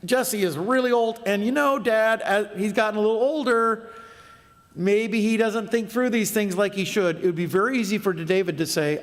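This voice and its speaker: Earnest Southern pastor in a reverberant church. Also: male voice, high voice, moderate pace. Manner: earnest, storytelling with asides and restarts. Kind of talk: sermon. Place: church sanctuary.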